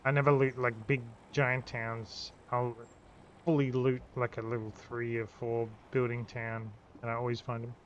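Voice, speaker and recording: Brief: male streamer, excitable, swears a lot, faint hiss behind. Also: medium pitch, measured pace, dull audio. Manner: swears freely, talks to himself, excitable. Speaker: game streamer. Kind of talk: live gameplay commentary. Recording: faint background noise.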